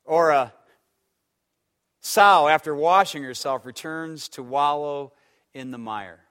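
Male pastor, storytelling sermon, slightly higher voice, loud then hushed delivery. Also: slow pace. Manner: storytelling preacher, swings from loud emphatic to hushed.

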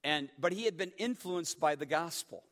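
A middle-aged male pastor preaching a sermon, emphatic, swinging from hushed tones to shouts. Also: a little high, lively intonation, normal speed.

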